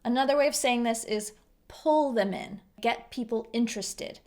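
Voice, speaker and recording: A woman with a fairly high voice teaches English idioms to learners. She explains each phrase clearly and patiently, then acts out short example lines. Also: moderate pace, a little mellow.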